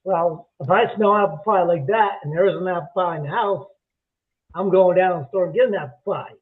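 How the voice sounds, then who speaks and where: High pitched guy joking around, sounds like over a phone. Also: fairly quick. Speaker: podcast co-host. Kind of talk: casual chat. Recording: phone-like line.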